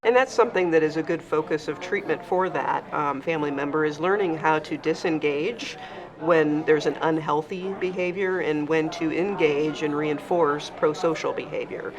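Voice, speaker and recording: Steady clinical man over crowd noise. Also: fairly high pitch, moderate pace, rough recording. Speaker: treatment professional. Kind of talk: explanatory interview.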